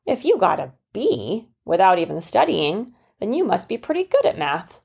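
A woman voicing a gentle, kindly male bunny in a children's bedtime story, soft and soothing. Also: medium pitch, wildly swooping pitch, moderate pace, gravelly, breathy edge, exaggerated voice.

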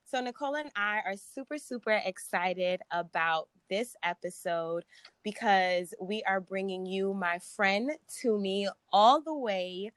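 A woman's voice: mid-range voice, measured pace, no room sound. Woman co-host, eager, says um a lot, dry close sound. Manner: eager, with frequent "um". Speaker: podcast co-host. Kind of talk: casual podcast intro.

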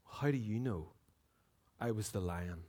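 A man reading aloud as a huge, ancient lion, speaking slowly and solemnly in a deep, quiet voice. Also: expressive. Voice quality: deep, large but quiet voice. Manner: slow, solemn and measured. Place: church.

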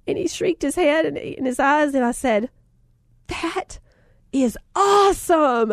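A woman giving a faith-based motivational talk, telling a family story in a lively, conversational way and calling her listeners guys. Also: on the high side, no room sound, studio quality. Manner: animated storyteller, acts out voices in anecdotes. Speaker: motivational speaker.

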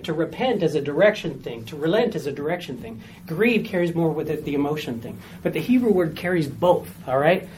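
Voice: medium pitch, darkish tone, a little hiss or hum. A Bible study teacher explaining a passage step by step to a small group, repeating key points and often asking "all right?" to check in.

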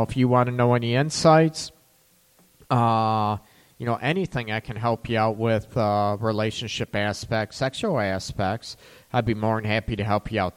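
A man's voice: medium pitch, smooth. A middle-aged man hosting a call-in radio talk show from his counseling office, tired and loose, with lots of fillers. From Michigan. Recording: long hall reverb.

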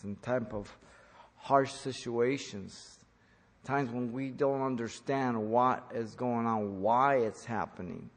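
A man's voice: medium pitch, in a large hall. A man preaching an earnest sermon, speaking as a pastor who repeats key points for emphasis.

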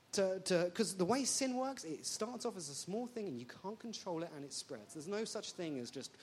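A woman from England, preaching a sermon in an animated, jokey way full of rhetorical questions. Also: mid-range voice, a little hiss or hum.

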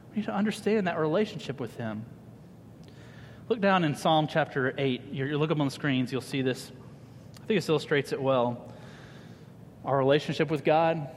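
A man in his thirties gives a sermon in a church hall, his voice slightly high for a man. He tells family stories with animated humor, and the long reverb of the hall trails behind his words. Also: slight background noise. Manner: animated, humorous storyteller addressing a congregation. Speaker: pastor. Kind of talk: sermon with personal storytelling.

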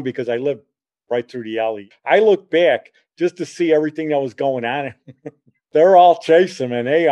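A man's voice: medium pitch, warm tone. An older man telling a rambling, folksy personal story, acting out the dialogue as he goes.

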